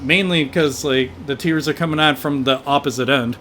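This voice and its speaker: A man hosting a gaming livestream, ranting in animated, profane casual chat and thanking donors. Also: on the high side, normal speed, few pauses.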